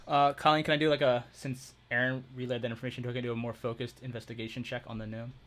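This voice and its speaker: A man playing a tabletop game, asking questions in quick, casual chat. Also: mid-range voice, flat delivery, a bit bright. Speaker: player.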